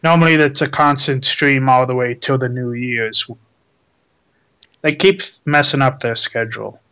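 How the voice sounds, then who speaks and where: Slow-talking man in casual gaming chat. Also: medium pitch, rough recording. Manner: relaxed, trailing off with filler words. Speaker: podcast co-host.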